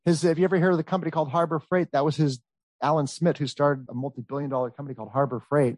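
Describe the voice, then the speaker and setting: A man in his thirties telling a long family story in casual chat, rambling and animated, with many fillers. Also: on the high side, racing, dry recording. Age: 30s. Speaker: storyteller guest.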